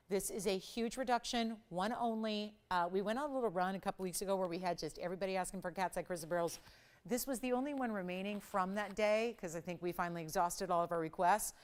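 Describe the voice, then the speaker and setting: Female shopping-channel host, smooth resonant voice, upbeat chatty sales patter. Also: medium pitch. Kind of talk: live home shopping sales pitch.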